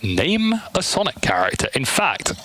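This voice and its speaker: A man chatting casually on a stream from his room, animated and talkative, speaking into a headset. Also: medium pitch, unhurried, slight background noise. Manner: animated and chatty, speeding up in asides. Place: home room at night.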